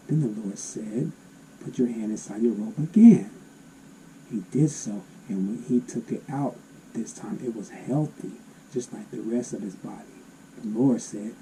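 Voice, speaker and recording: A man reading Bible verses aloud and explaining them in an animated, exclaiming way. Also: mid-range voice, slight background noise, rough recording. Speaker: Bible teacher.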